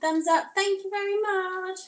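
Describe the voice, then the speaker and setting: A woman's voice: very high-pitched, fairly even intonation, a little slow, roomy sound, distant mic, low-quality recording. A woman chatting casually with viewers while she does housework, rambling a little and reading out comments, her throat tight and strained. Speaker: vlogger. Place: home kitchen.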